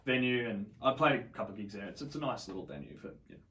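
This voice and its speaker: A man's voice: lowish voice, big pitch swings, very fast, sharp tone, distant mic. A young Australian man casually telling a long story as a podcast guest, swearing freely and acting out what people said. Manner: swears a lot, acts out quotes.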